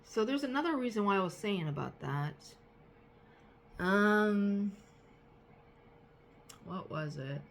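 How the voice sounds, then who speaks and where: A tired woman, rambling casually to camera, trailing off softly at times and turning heated and profane at others. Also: mid-range voice, expressive, slow pace, vocal fry, pauses often, slight background noise. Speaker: vlogger.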